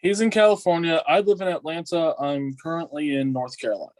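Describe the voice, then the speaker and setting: A man's voice: fairly high pitch, fast, dry recording. A man chatting casually and playfully with friends. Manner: playful, laid-back. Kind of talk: casual chat.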